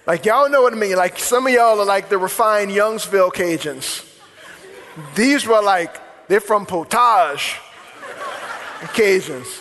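A man's voice: sits high, a little slow, fairly bright tone, a little hiss or hum. A male pastor preaching a sermon, emphatic, repeating key words and chatting asides to his congregation. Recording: long reverb of a large hall.

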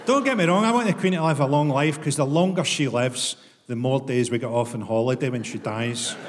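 A Scottish man with a Glaswegian accent doing a stand-up comedy set, deadpan and profane, with sudden bursts of mock outrage. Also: mid-range voice, brisk. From Scotland. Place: comedy venue with audience laughter. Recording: long hall reverb, clear ambient noise.

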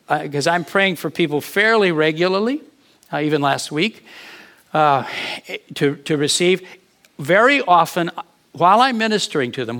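A middle-aged man preaching as a pastor, animated, with sudden rises and many restarts. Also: fairly high pitch. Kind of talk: sermon teaching.

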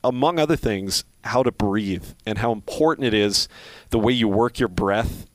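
A middle-aged man from Philadelphia speaks in a low voice with a faint Philly accent. He is a play-by-play broadcaster, thinking aloud in a relaxed interview, full of restarts and fillers. The sound is dry and close. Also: moderate pace, no echo. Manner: reflective, many restarts and fillers. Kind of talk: casual interview talk.

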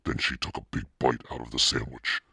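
Super deep gravelly guy reading a kids book, bit husky, dry close sound. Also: level tone, fairly quick, bright, forceful tone, no echo. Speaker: audiobook reader. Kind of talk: storybook narration.

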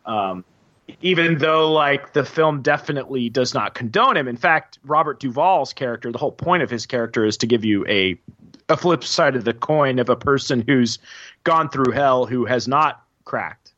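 Man, casual film chat, filler-heavy, mid pitch, dull lo-fi audio. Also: a bit bright. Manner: halting, filler-heavy, explanatory. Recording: dull lo-fi dry sound.

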